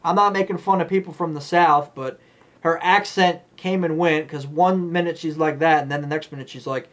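A man's voice: fairly high pitch, fairly even intonation, moderate pace, fairly bright tone. A man giving a rambling, blunt, profane movie review rant.

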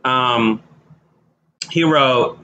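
A man's voice: mid-range voice, very slow, pushed and bright, highs cut off, a little hiss or hum. A man giving casual, slangy commentary, talking animatedly with lots of fillers and restarts. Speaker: commentary vlogger.

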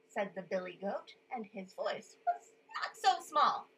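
A woman's voice: mid-range voice, big pitch swings, unhurried, few pauses, a bit bright, poor audio. A woman reading a children's story aloud, playful and coaxing a young listener to join in with sounds.

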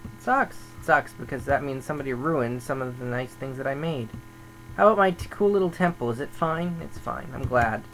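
A man's voice: medium pitch, fairly quick, a bit bright, a little hiss or hum, poor audio. A man talking casually over gameplay as a server admin, grumbling and thinking aloud as he goes.

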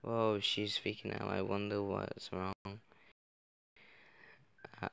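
Low, creaky-voiced male gamer. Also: completely flat delivery, takes it slowly, a bit bright, no echo. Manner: hesitant, reads game text aloud with fillers. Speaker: gamer playing a visual novel. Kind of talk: casual let's-play commentary.

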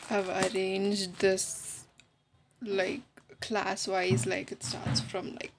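A woman's voice: medium pitch, level tone, drawn-out words, music in the background, rough recording. A young woman chatting casually in a vlog, rambling with lots of fillers and poking fun at herself. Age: young adult. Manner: rambling, filler-heavy, self-mocking. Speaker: vlogger. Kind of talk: casual vlog voice-over chat.

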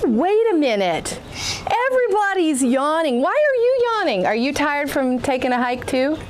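A woman pastor giving a playful, animated message to children at a camp. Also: high-pitched, normal speed, a little hiss or hum. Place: outdoors in the shade.

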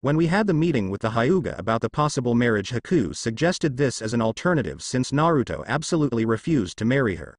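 A man voicing a gruff, curt male swordsman who grunts and scowls, in a fan fiction reading. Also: mid-range voice, very animated, quick pace, hardly any pauses, dry recording, clean studio sound.

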